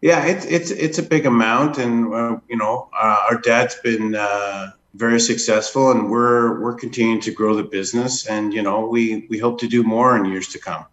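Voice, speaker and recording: A man speaking as a guest in a radio interview, modest and halting, with many pauses. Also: mid-range voice, fairly even intonation, fairly bright tone. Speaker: donor family member guest. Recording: roomy echo.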